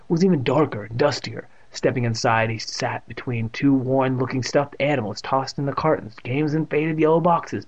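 A man's voice: mid-range voice, slightly rough. A man reading a children's book aloud and tossing in joking asides. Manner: adds joking asides to the text. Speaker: reader. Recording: muffled lo-fi recording.

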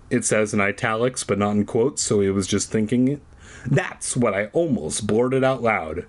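A man's voice: on the low side, lively intonation, normal speed. A man reading a children's horror book aloud in a comedic way, breaking off into sarcastic, profane rants. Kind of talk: comedic read-aloud with ranting asides.

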